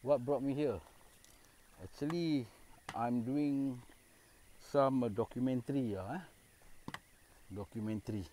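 A man with a Singaporean English accent, live-streaming from a dark park at night and chatting casually, joking and bantering, with Malay phrases mixed in. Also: medium pitch, unhurried, pauses often, a little hiss or hum. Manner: jokey, banters with spirits, mixes in Malay phrases. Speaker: paranormal explorer live-streaming.

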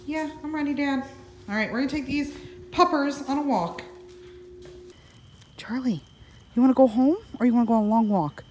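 A woman's voice: high-pitched, moderate pace, pauses often, a little mellow, slight background noise. A young woman from the United States chatting casually in her daily vlog, sliding into bubbly baby talk with her pets. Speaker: vlogger.

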